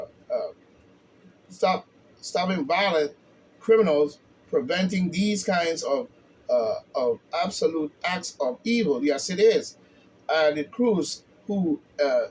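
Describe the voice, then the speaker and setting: A man giving blunt, heated opinion commentary, often stumbling and restarting, with a steady stream of filler phrases. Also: on the high side, a little hiss or hum, low-quality recording.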